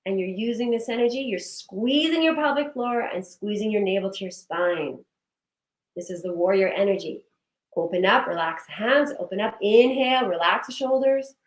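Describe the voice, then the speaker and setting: A woman leading a guided breathing and movement session, giving slow, soothing cues and affirmations. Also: mid-range voice. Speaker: breathwork and wellness instructor. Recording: echoey room.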